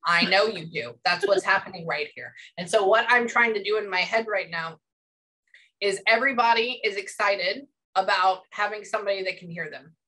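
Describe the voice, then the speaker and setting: Bright-voiced, chatty woman medium. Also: mid-range voice, moderate pace. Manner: excitable, chatty, thinks aloud. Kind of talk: live reading session with clients.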